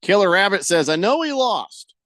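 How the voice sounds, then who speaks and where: A man hosting sports talk radio, his voice sitting a bit higher than most men's. He jokes wryly and tells stories between listener messages. The studio sound is dry and close. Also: sing-song, moderate pace, a bit bright, dry recording. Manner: wry, joking storyteller, reads listener messages.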